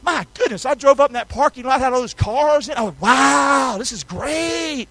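A male pastor from North Carolina, preaching a sermon with enthusiasm, calling on the congregation to respond and swinging between loud and quiet passages. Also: very high-pitched, fast talker, no echo, poor audio.

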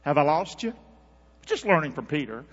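A man preaching a sermon, calling on the congregation to answer back and swinging between loud and hushed. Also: fairly high pitch, big pitch swings, moderate pace. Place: church. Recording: dull sound with long church reverb.

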